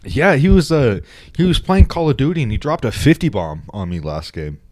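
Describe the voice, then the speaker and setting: A man's voice: medium pitch, sing-song, normal speed, darkish tone, no echo. A young man co-hosting a podcast, trading goofy banter and sometimes asking his friend with concern how he is. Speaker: podcast co-host. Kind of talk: casual chat.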